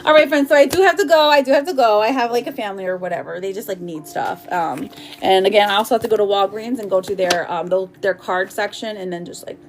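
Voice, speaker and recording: A woman's voice: mid-range voice, fast, soft background music. A woman giving a live-streamed tarot reading, chatty and affectionate, often giggling as she reads viewer comments aloud. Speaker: tarot reader.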